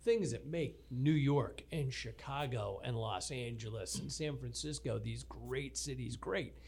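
A man co-hosting an interview show, adding quick joking asides in casual chat. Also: medium pitch, gravelly, a little mellow, breathy edge. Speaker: podcast co-host.

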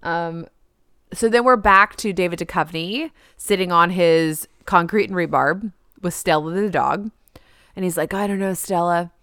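Woman, podcast co-host, casual chat, giggly, says "like" a lot, smooth clear voice, dry close sound. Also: fairly low pitch, measured pace, fairly bright tone, no room sound. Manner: chatty, giggly, peppered with "like". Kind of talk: casual chat recapping a film.

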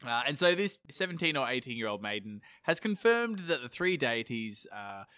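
A man's voice: mid-range voice, moderate pace, clear, resonant tone, no echo, studio quality. A man co-hosting a podcast, retelling an old legend in casual, joking chat full of swearing and laughter. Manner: animated, swearing, laughing, reads quotes aloud. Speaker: podcast co-host, storyteller.

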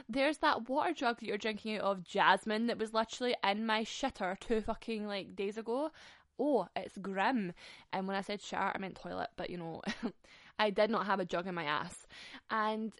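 A woman's voice: medium pitch, normal speed, dry recording, studio quality. A young Scottish woman telling stories in a casual, sweary way, laughing often. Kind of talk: casual storytelling.

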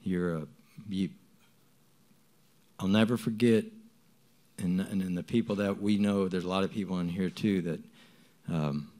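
Middle-aged man, lowish voice, delivering a church testimony; earnest and halting, stumbles and repeats himself. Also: steady tone, dark tone. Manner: halting and earnest, with many restarts and repeated words. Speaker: church member giving testimony. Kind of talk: spoken testimony to a congregation.

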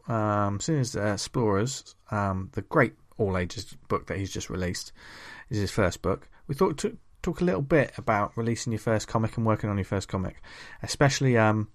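A man hosting a comics podcast in casual chat, jokey and rambling, laughing often. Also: lowish voice. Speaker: podcast host.

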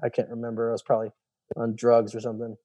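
A man's voice: mid-range voice, completely flat delivery, very fast, dark tone, dry recording. A young man casually recounting his own story, rambling and retelling what others said to him. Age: young adult. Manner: loose, rambling, retells dialogue with "he's like". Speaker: guest telling his story.

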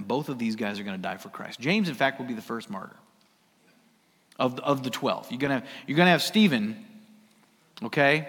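A man preaching a sermon, swinging between loud emphasis and hushed near-whispers. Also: mid-range voice, expressive, fairly quick, long pauses, husky. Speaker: pastor. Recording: long hall reverb.

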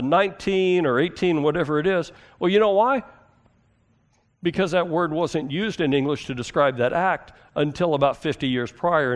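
Man, pastor, sermon, conversational, questions to the congregation, fairly high voice.

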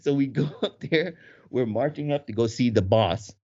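A man in his forties with a husky voice, telling a story casually with lots of laughter. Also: medium pitch, normal speed. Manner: animated, laughs often, acts out voices in quotes. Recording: dull lo-fi recording.

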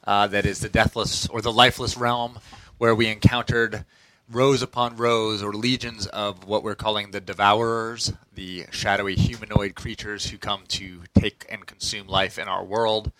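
A man's voice: fairly low pitch, little pitch movement, normal speed, a bit bright, dry recording, rough recording. A man playing in a tabletop game, giving a casual recap of the last session with frequent "uh" fillers. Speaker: player.

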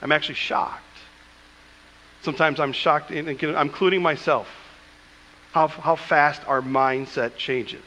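Male pastor, high and bright, emphatic preaching, long hall reverb. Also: muffled recording. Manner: preaching with emphatic asides, acting out quoted scripture. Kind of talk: sermon. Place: church sanctuary.

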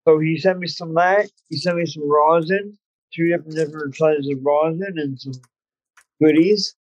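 A man chatting as a guest on a livestream panel, relaxed and laid-back, over a video call. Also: on the high side, normal speed, no room sound. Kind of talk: casual livestream chat. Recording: dull lo-fi call audio.

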